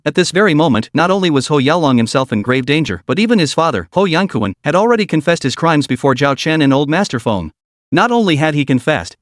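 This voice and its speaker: A man's voice: fairly high pitch, no echo, clean studio sound. Dramatic male story narrator.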